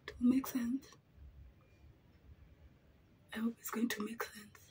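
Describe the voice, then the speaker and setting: A young woman from Africa, a beauty vlogger chatting through an animated storytime while doing her makeup. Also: on the high side, slightly rough. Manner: animated storytelling with dramatic reactions.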